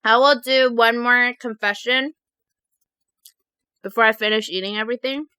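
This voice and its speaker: A woman vlogger chatting casually as she reads out viewer confessions, telling them in an animated, giggly way. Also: a little high, moderate pace, smooth, no echo. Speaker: mukbang vlogger.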